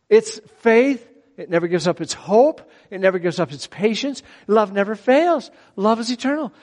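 A middle-aged man with a high voice preaches at a moderate pace, his words followed by a long reverb tail. His delivery is spirited and conversational, with many questions aimed at the audience.

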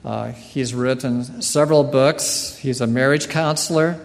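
A man giving a sermon in a slow, earnest way, often clearing his throat. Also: medium pitch, slight background noise. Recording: long hall reverb.

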